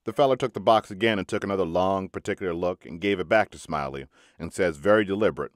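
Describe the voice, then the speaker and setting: Male audiobook reader, low voice, folksy unhurried storytelling, dry close sound. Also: no echo. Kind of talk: storytelling reading.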